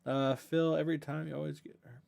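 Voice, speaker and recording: This reaction channel host is a young man from the American South whose fairly high, slightly mellow voice comes out flat and brisk with some vocal fry. Running a laid-back livestream Q&A, he rambles, self-corrects, and speaks with earnest gratitude.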